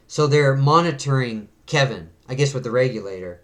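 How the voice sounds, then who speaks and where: A man casually reads a comic aloud in conversation, slipping into quick little character voices as he goes. His middle-pitched voice is animated, and his delivery easy and chatty.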